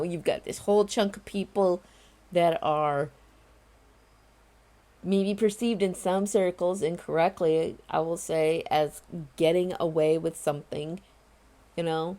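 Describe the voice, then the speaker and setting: A vlogger and home confinement advocate in her forties speaks straight to her viewers in a casual vlog, earnestly and emphatically reassuring them. Her voice is mellow and fairly low in pitch.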